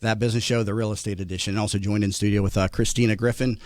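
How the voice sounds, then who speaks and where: A man's voice: on the low side, fairly even intonation, rapid-fire, darkish tone, no room sound. A man hosting a morning business radio show from the studio, talking loosely with many filler words. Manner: rambling, lots of filler words. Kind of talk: casual radio talk. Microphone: headset studio mic.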